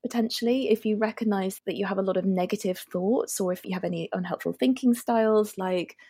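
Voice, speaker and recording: A woman doctor talking through burnout prevention in a measured, explanatory way on a podcast. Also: medium pitch, mellow, husky, no room sound, clean studio sound. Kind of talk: podcast conversation.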